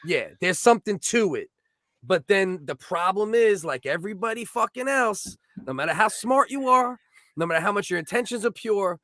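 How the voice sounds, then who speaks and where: A man's voice: high voice, fairly bright tone, dry recording, clean studio sound. A married man co-hosting a comedy podcast, chatty and agreeable, often adding "you know what I mean" as he talks things through. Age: adult. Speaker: podcast co-host. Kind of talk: casual podcast chat.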